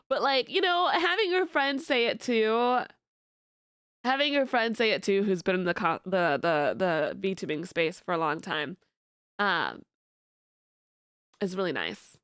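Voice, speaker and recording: A woman VTuber chatting casually to her stream, with a low, deep voice for a woman, giggling often and rambling through repeated restarts. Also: a bit bright, smooth, no echo, clean studio sound. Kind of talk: casual livestream chat.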